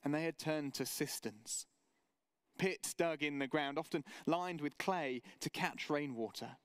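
A man preaching a sermon for an online church service, measured and earnest, with story-telling asides. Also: on the high side, a bit bright, smooth, dry recording. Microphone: camera mic, online service.

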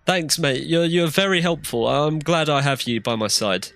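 A man's voice: fairly high pitch, normal speed, fairly bright tone, faint music behind. A young man giving jittery let's play commentary on a horror game, shrieking when scared. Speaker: gamer.

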